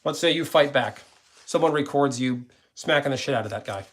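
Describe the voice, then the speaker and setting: A man's voice: medium pitch, a little fast. A man streaming from his gaming channel, chatting casually with viewers in a rambling, blunt way and cursing freely.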